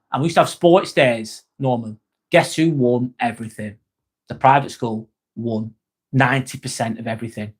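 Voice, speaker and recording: A man with an English accent, casually chatting on a livestream and answering viewer comments by name, swearing freely. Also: medium pitch. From England. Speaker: live streamer.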